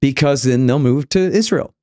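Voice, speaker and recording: A man from the United States, a podcast guest, talking in an animated way and acting out the people he quotes. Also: medium pitch, moderate pace, no room sound, studio quality. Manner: animated storyteller, acts out quoted voices. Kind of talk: conversational interview.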